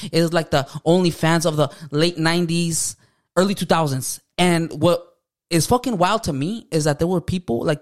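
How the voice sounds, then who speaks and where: A young man co-hosting a casual podcast, joking and slangy, dropping Spanish words into his talk. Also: a little high. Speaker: podcast co-host. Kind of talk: casual chat.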